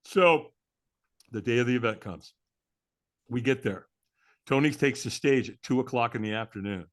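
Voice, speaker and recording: A man's voice: mid-range voice, fairly bright tone. A middle-aged man, a guest in an interview, telling a story animatedly and acting out the dialogue. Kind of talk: storytelling in a conversation.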